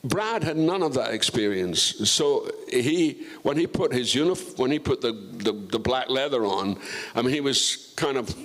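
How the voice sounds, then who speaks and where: A man's voice: medium pitch, animated, measured pace, a bit bright. An older man, a guest actor on a festival stage, telling career stories in a rambling way, full of restarts and asides. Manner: rambling, full of restarts and "you know", acting out quoted voices. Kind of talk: relaxed career storytelling on stage.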